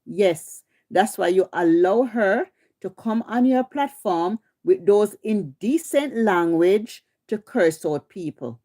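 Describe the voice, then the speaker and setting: Jamaican woman, middle-aged, livestream rant host, scolding and confrontational, mid-pitched voice. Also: animated, slow pace, mellow. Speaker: live stream host.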